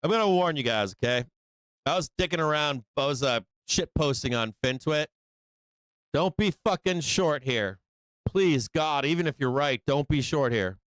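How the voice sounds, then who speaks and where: A man hosting a live stock trading show, swearing and yelling at the chart while he trades. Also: a little high, normal speed, clean tone, no echo. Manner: profane, excitable, yells at the chart. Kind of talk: profane live market commentary.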